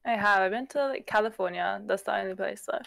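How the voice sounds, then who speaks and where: A young woman chatting casually as a guest on a dating stream, soft-spoken and hesitant. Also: medium pitch, fast talker, gravelly, dry recording. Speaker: date guest. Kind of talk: casual chat.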